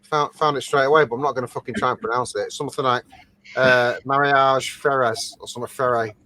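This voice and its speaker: A man's voice: medium pitch, fairly even intonation, a little fast, pushed and bright, rough recording. A man bantering casually and swearing freely on a live online show, talking over a video call. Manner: sweary, offhand, boastful. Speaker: guest.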